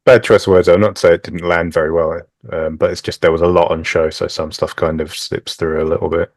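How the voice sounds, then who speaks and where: A man co-hosting a casual gaming podcast, relaxed and wry, swearing now and then. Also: deep voice, fairly quick, dry recording, clean studio sound. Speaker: podcast co-host. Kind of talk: casual chat.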